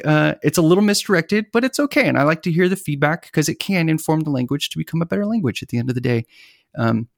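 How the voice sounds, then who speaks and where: A man talking as a guest in a conversational interview, animated and acting out what other people say. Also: fairly high pitch, dry recording, studio quality. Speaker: podcast guest, web developer.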